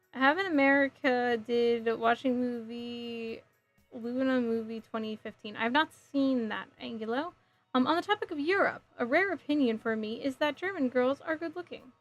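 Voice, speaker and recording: Here a woman from New Jersey, with a fairly high voice, chats casually with her stream audience while assembling a model kit. She giggles a lot, gets scattered, and answers chat messages out loud.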